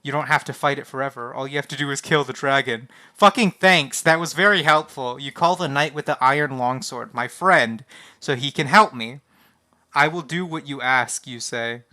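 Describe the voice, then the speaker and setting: A man streaming a text adventure game, reading its lines aloud and reacting in an animated, swearing way. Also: mid-range voice, normal speed.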